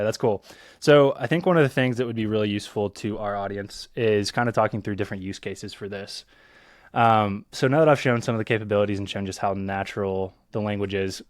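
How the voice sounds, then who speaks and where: A podcast host from Eastern Kentucky talks in a relaxed, casual way, with lots of ums and restarts. His voice is fairly low, and the recording is studio quality with no echo.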